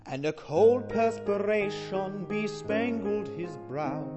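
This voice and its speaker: A woman playing a timid, lovesick comic man in an operetta, pleading floridly and singing a slow doleful song. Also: mid-range voice, animated. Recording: long hall reverb, guitar accompaniment.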